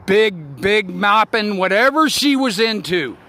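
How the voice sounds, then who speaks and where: A man in his sixties giving a rambling, preachy folksy monologue outdoors, with loud bursts. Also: high voice, lively intonation, measured pace, gravelly. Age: 60s. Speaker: online talk show host.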